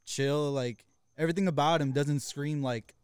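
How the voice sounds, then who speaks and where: A young man co-hosting a podcast, retelling a tense night in a profane, fast, casual way with quoted voices. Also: on the high side, steady tone. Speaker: podcast co-host. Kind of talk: casual storytelling chat.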